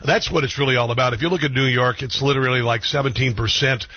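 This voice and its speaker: A man hosting a talk radio show, animated and jokey, bantering with a guest. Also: medium pitch, fast, breathy edge. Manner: animated, jokey, self-mocking. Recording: dull lo-fi radio audio.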